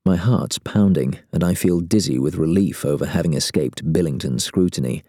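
Deep, dark-voiced male audiobook narrator. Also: normal speed, no echo, studio quality. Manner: wry, sardonic first-person delivery. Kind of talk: first-person audiobook narration.

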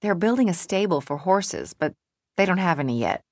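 A woman reading an audiobook, voicing May, an organized young woman friend who keeps to the plan in a brisk, matter-of-fact way. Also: lowish voice, lively intonation, no room sound, voice pushed up.

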